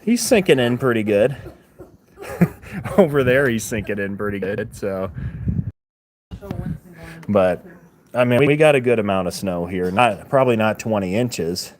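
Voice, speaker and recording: A man's voice: on the low side, expressive, unhurried, pauses often. A man hosting a casual live stream, chatting loosely with viewers and greeting them by name, often laughing as he talks into a handheld phone.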